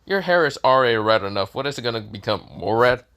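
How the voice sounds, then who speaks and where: A man's voice: medium pitch, lively intonation, fast, fairly bright tone. A man voicing a proud, red-haired young devil woman in a storybook reading, speaking indignantly.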